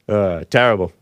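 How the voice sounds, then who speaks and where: A man hosting a casual live-stream talk show, rambling and joking, laughing often and jumping into a high voice at times. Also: dry recording. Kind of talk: casual live-stream chat reading viewer messages.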